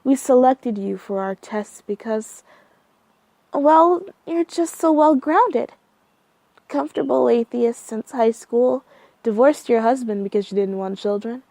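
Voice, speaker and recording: A woman voicing a calm, menacing male caller. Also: a little high, a little slow, vocal fry, dry recording. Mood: calm menace. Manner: calm, polite, quietly threatening.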